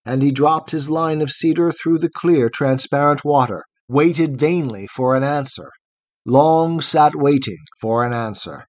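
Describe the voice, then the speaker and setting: A man narrating a long poem in a measured, rhythmic recitation. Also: fairly high pitch, a little mellow, no room sound. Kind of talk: scripted poetry reading.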